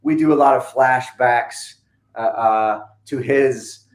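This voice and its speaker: A man speaking as a podcast guest in relaxed casual chat. He chuckles often and fills pauses with ums and uhs. His voice carries a roomy echo. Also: mid-range voice. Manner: laid-back, chuckling, with many fillers.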